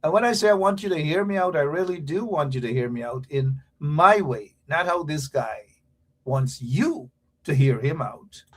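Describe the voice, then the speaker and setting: A man hosting an online political talk show rambles between topics with many fillers and pushes hard on key words. His voice sits slightly high for a man. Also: moderate pace, fairly bright tone. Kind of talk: casual political commentary.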